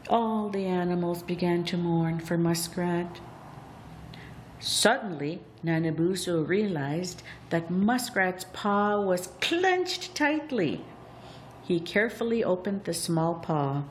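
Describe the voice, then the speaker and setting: A woman telling a legend as a storybook narration, with deliberate, expressive, drawn-out phrasing. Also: lowish voice, a little hiss or hum.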